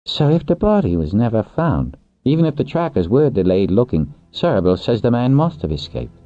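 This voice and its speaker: A man voicing a shrewd older master harper who speaks in a dry, brisk way. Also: mid-range voice, sing-song, warm tone, no echo, soft background music, voice pushed up, lightly acted. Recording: tinny phone-like, dry.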